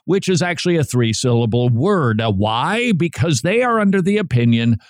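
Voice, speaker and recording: A man hosting a talk radio show, speaking emphatically and sarcastically, with sudden jumps up in pitch for stress. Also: sing-song, normal speed, dry recording, clean studio sound. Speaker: radio host.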